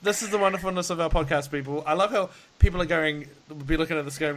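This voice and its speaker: A tired Australian man hosts a podcast over a video call, talking fast in a slightly high voice. It's a casual chat where he rambles, laughs a lot, and swears freely.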